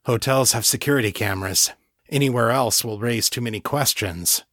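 A man voicing a steady, reassuring man who speaks in a calm, reasonable way. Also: medium pitch, normal speed, no echo, clean studio sound, natural voice.

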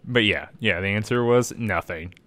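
A man co-hosting a casual podcast chat, telling a story in an animated way with joking asides. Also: lowish voice, moderate pace, no room sound. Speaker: podcast co-host.

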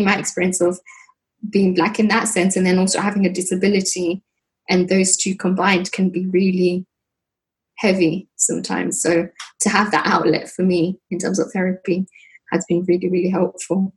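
A woman's voice: on the low side, normal speed, low-quality recording. A woman from Britain, a guest chatting casually and telling stories with lots of fillers. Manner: chatty, lively storytelling with frequent fillers. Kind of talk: casual conversation.

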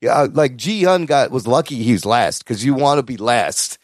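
A man co-hosting a podcast, chatting casually and excitedly, swearing often and swinging his pitch up and down. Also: normal speed, no room sound, clean studio sound. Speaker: podcast co-host. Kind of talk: casual chat.

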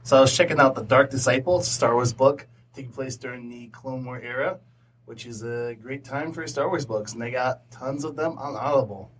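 A man co-hosting a casual podcast, talking in an upbeat, animated way. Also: medium pitch, a little fast, slight background noise, poor audio.

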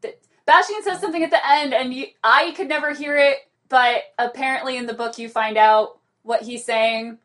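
A woman's voice: sits high, fairly even intonation, normal speed, few pauses, fairly bright tone. A woman hosting a podcast, chatting casually and animatedly with frequent laughter. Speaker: podcast host.

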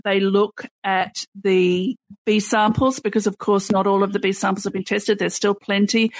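A woman co-hosting a podcast talks through a chain of events, pausing often on fillers. Her mid-pitched voice carries a gravelly fry. The sound is close and dry, with no room around it. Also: no room sound. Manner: recounts events at length with many fillers. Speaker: podcast co-host. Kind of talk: casual podcast discussion.

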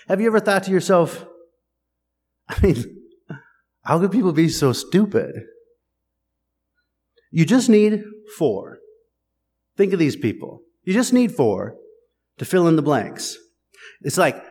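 A man delivers a sermon with a chatty, teasing wit, needling his listeners. His voice sits a little high and swings widely in pitch. The sound rings with the long reverb of a church sanctuary. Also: very animated, measured pace, pauses often, a little mellow. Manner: conversational, wry and teasing with the congregation. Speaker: pastor.

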